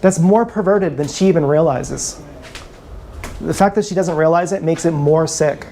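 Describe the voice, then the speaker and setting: A man's voice: on the high side, normal speed, warm tone, slight background noise. A man ranting bitterly and with contempt on a live stream, often repeating himself, filmed on an action camera. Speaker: vlogger.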